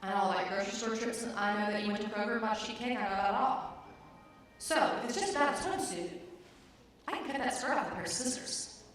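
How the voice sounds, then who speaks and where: A woman's voice: a little high, fast, fairly bright tone, close to an everyday voice. A woman voicing a harsh, relentless female fitness trainer who confronts and mocks. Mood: taunting. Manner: confrontational, probing, mocking. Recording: very echoey room, distant mic.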